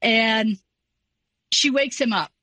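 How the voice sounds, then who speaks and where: A woman in her forties, an interview guest telling a personal story in a casual, animated way. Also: fairly high pitch, slow pace, dry recording, poor audio. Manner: animated, acts out quoted voices.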